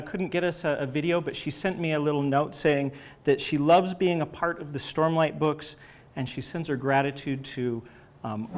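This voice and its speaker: A man giving a casual presentation about book artwork, chatty and hesitant, with many fillers and restarts. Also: medium pitch.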